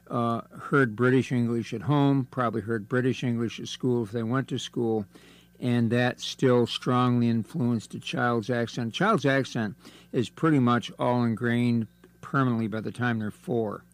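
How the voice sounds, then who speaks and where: A man's voice: mid-range voice, steady tone, measured pace. A man who is a guest on a radio talk show, patiently explaining history and insisting on accuracy. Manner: explanatory, detail-minded stickler. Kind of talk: casual radio conversation.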